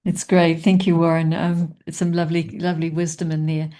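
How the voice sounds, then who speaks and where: A woman hosting an interview in a gentle, thankful manner. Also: low voice, level tone, normal speed. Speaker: host.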